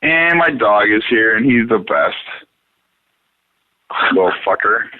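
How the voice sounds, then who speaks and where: A man hosting a talk show in loose, profane casual chat, rambling and animated. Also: fairly low pitch, slow, no room sound. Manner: rambling, swears a lot, animated. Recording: dry, phone-like radio sound.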